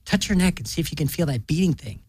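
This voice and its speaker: A hysterical young woman who shrieks and curses, her voice jumping high and cracking, as a male reader acts her out. The sound is husky and dry, close to the mic, in a spoken story. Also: lively intonation, fast talker, a little mellow, no echo. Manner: shrieking, cursing.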